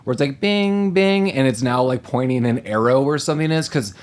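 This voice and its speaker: Jokey male podcast co-host, middle pitch. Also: fast. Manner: jokey, laughs often, animated. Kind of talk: casual movie-review chat. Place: small room, shared with co-host.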